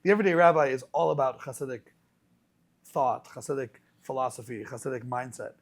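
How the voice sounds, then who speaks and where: A man hosting a podcast as a rabbi, telling stories in a casual, animated way with many restarts. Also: medium pitch, fairly quick. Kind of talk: casual conversational storytelling.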